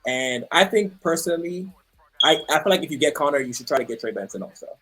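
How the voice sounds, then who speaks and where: A man with a husky, slightly rough voice chats casually about sports as a podcast co-host. He hesitates and repeats words as he goes, often pulling the talk back on track. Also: a little high, expressive, quick pace, sharp tone. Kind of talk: casual fantasy football chat.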